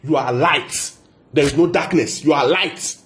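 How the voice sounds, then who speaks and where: A man with a fairly high voice delivers a Bible teaching sermon. He talks emphatically, repeats his key phrases and keeps asking rhetorical questions. He slows right down whenever he quotes scripture. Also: fairly bright tone. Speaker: preacher.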